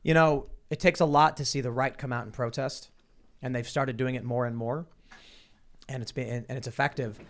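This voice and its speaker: A man's voice: mid-range voice, steady tone, brisk. Sarcastic man hosting a talk show. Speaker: podcast host. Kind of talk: casual political talk show.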